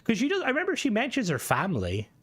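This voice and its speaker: A man's voice: sits high, huge pitch swings, fast, a bit bright, slightly rough. A man talks casually while streaming a game, rambling, swearing and restarting his sentences often. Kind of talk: casual gaming stream commentary.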